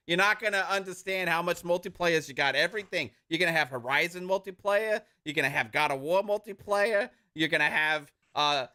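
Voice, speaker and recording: A man putting on a brash loud corporate salesman. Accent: mock Australian-Jersey mix. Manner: loud salesman pitch, profane. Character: brash male game-company executive hyping multiplayer.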